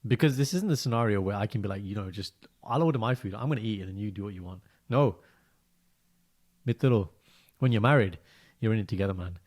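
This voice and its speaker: A young man co-hosts a casual podcast, telling animated stories at a quick pace. He acts out quotes in a high voice.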